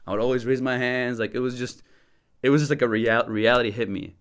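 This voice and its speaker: A young man from Michigan casually telling a story as a podcast guest, animated and slangy, laughing and swearing as he goes. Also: mid-range voice, fast, clear, resonant tone. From Dearborn, Michigan.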